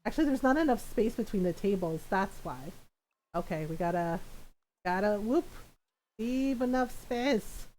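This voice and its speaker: A woman's voice: medium pitch, lively intonation, moderate pace, a little hiss or hum, rough recording. A young woman streaming a game, chatting casually, telling a story, and laughing often. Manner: quiet muttering while decorating in game. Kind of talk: casual live-stream chat while gaming.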